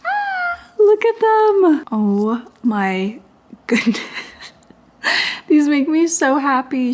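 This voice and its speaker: A young woman artist vlogging as she opens fan mail, gushing and breaking into high excited exclamations. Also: a little hiss or hum. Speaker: small business artist and vlogger. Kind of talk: casual vlog voice-over, opening fan mail.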